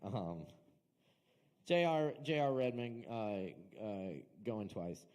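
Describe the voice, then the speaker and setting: A man's voice: on the low side, animated, slow, darkish tone. A man hosting a live open mic night in a bar, calling up performers and hyping the crowd. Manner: laid-back, hyping the crowd. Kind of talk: live emcee announcing performers.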